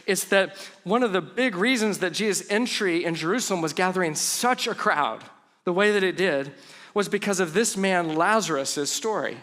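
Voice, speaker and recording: A pastor with a high-pitched voice delivers a conversational sermon at normal speed. He tells the story with humorous asides and drops to hushed tones for emphasis.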